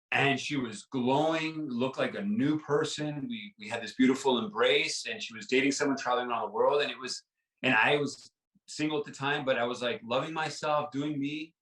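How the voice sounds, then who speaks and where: A man's voice: mid-range voice, a bit bright, reverberant, far from the mic, poor audio. A man guest in a podcast interview, earnestly telling a personal story and often repeating himself with fillers like "like" and "right?".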